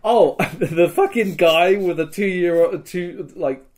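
A man, a podcast host telling a live-action role-play story in casual chat, swearing, laughing and acting out shouts. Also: high voice, takes it slowly. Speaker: podcast host recounting a LARP event.

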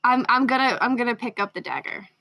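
A woman playing a tabletop game, speaking haltingly and laughing often. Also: fairly high pitch, lively intonation, creaky, bright, forceful tone, no room sound. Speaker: player. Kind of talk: casual tabletop play.

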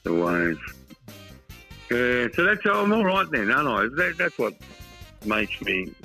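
A man's voice: medium pitch, big pitch swings, measured pace, sharp tone, faint music behind, low-quality recording. A middle-aged Australian man, a football writer guest, chatting bluntly in a casual interview and telling emotional stories with lots of repetition.

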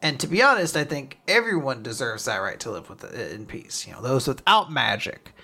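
A woman with a bass voice co-hosts a casual podcast chat at normal speed, recapping a manga chapter. Her retelling is animated as she acts out the characters' lines with laughs.

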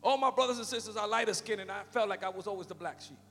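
A man preaching a fervent sermon in a church, shouting and calling out hallelujahs. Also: high-pitched, racing. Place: church sanctuary. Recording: long hall reverb with faint music.

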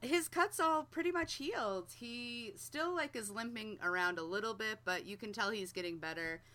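Bright, giggly woman chatting. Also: on the high side, normal speed. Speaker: guest. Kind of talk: casual chat.

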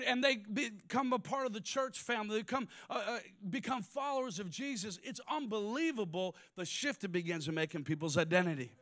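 A man preaching a sermon, moving between quiet personal stories and loud, rising exhortation. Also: extremely high pitch. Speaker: pastor.

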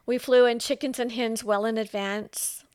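A woman's voice: on the high side, normal speed, clean tone, no room sound, clean studio sound. A woman guest telling her faith testimony in casual chat, acting out quotes as she goes. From California. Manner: animated storyteller, acts out quotes. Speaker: podcast guest.

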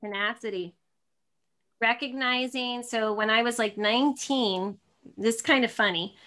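A woman in her thirties speaks as an interview guest, telling her own story. She rambles, restarting phrases and filling pauses. Her voice sits a little high. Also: sharp tone. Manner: rambling, many restarts and fillers, emotional.

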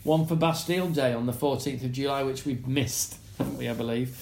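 A man's voice: mid-range voice, a little fast, creaky, a little mellow, reverberant, a little hiss or hum. A middle-aged Englishman co-hosting a podcast, chatting casually and joking with mock French and put-on voices. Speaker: podcast co-host. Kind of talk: casual chat, reading listener suggestions.

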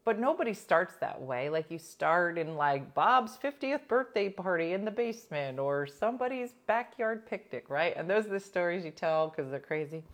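A woman's voice: lowish voice, normal speed, hardly any pauses. Chatty middle-aged Philly woman host. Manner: chatty, animated, peppered with "like" and laughs. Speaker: morning show host and comedian. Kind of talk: casual chat, storytelling.

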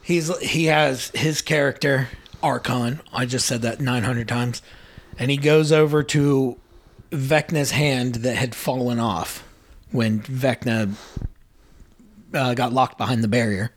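A young man co-hosting a casual podcast, excitedly retelling scenes, swearing freely and acting out the quotes. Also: medium pitch, takes it slowly. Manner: excited, profane, acts out quotes. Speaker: podcast co-host.

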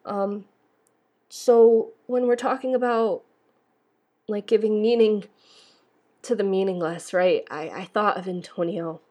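A woman's voice: mid-range voice, fairly even intonation, measured pace, pauses often, warm tone. A young woman hosting an astrology podcast, talking in a rambling, tearful way with lots of fillers and restarts. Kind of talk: emotional podcast monologue.

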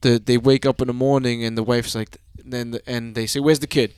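A man's voice: mid-range voice, level tone, moderate pace, a little mellow, smooth, no room sound. Man with a heavy New York accent. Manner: swearing, streetwise banter. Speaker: podcast host. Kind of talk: casual chat.

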